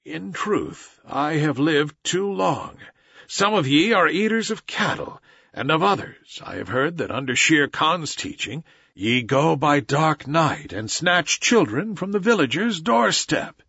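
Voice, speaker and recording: A man's voice: on the high side, sing-song, measured pace, creaky, bright, forceful tone, breathy edge, dry recording, heavily acted. A man voicing a weary, solemn old male wolf who leads the pack, in a slightly dull recording.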